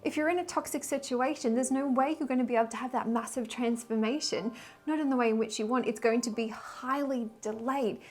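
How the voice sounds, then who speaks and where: Emotional, rambling woman, fairly high voice. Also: fairly quick. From Australia. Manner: emotional, rambling, with sighs and soft laughs. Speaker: tarot reader and spiritual guide. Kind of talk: casual weekly tarot reading.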